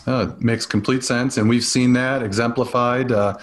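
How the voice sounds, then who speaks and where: A man's voice: medium pitch, steady tone. Complimentary male podcast host. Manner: complimentary, halting with fillers. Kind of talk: podcast interview.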